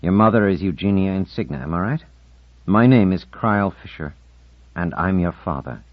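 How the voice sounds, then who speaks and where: An earnest, yearning father, voiced by the deep-voiced narrator, pleads in a slightly raised tone. The recording is dry and a bit dull. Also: animated, normal speed, dry recording. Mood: pleading.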